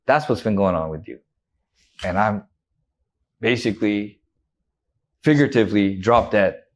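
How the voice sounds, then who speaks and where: A man's voice: on the low side, expressive, a little slow. A man in his thirties, a guest in an interview, candidly retelling a personal story with emotion and quoted dialogue.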